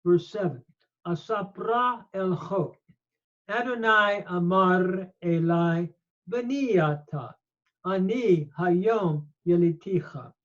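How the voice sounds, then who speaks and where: An older man teaching scripture in a slow lecture, reading Hebrew verses aloud and explaining each one with measured emphasis. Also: high voice, fairly bright tone. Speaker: Bible teacher. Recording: dull lo-fi recording.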